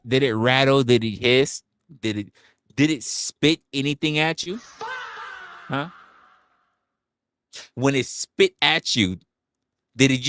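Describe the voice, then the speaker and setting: A man's voice: medium pitch, fairly bright tone, no echo. A man hosting a livestream, talking in a casual rant full of rhetorical questions, profanity and stammered restarts. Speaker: livestream host.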